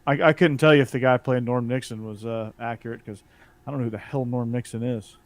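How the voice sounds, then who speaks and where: A man's voice: mid-range voice, steady tone, a little fast, no room sound. A man co-hosting a sports podcast in joking, casual chat. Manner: joking, laughs often. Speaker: podcast co-host.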